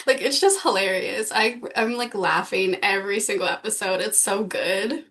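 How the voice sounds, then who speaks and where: A woman's voice: mid-range voice, moderate pace, a bit bright. Chatty woman co-hosting a podcast. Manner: chatty, many "like" fillers, laughs often. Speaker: podcast co-host. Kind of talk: casual chat.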